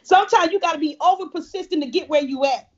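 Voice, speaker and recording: A woman from New Orleans with a New Orleans accent, a guest speaker giving an earnest keynote pitch over a video call. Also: fast. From New Orleans, Louisiana. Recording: dull lo-fi video call audio.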